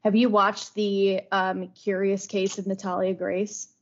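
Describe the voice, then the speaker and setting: A young woman co-hosting a podcast, retelling stories lively in casual chat, sometimes rushing ahead. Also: medium pitch. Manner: lively retelling, bursts of speed. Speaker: podcast co-host. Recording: slightly dull lo-fi podcast audio.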